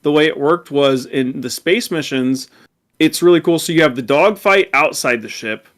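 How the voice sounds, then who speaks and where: A man co-hosting a fan podcast, telling an excited, rambling story in casual chat. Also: fairly high pitch, normal speed. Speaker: podcast co-host.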